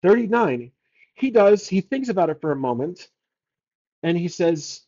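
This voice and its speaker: A man's voice: high-pitched, sing-song, moderate pace, pauses often, warm tone, dull audio. A man narrating his solo tabletop game, casually thinking aloud and rolling odds for each choice.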